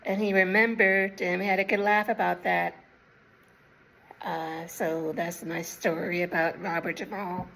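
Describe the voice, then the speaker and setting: A woman in her sixties tells a personal story in a casual, unhurried way, pausing often to recall details. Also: fairly low pitch, little pitch movement, creaky, a bit bright, rough recording. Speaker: vlogger.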